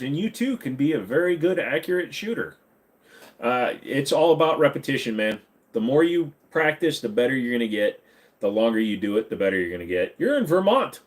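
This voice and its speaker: A man hosting a casual livestream from his home computer room, reading chat questions aloud and answering them in a rambling, joking way. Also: a little high.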